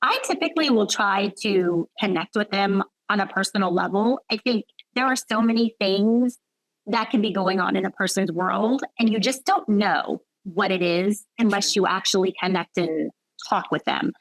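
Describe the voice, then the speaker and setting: A woman's voice: mid-range voice, moderate pace, no echo, poor audio. Reflective woman physician, dry sound. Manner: reflective, frequent "right?" and "like" fillers. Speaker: physician guest. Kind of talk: conversational interview.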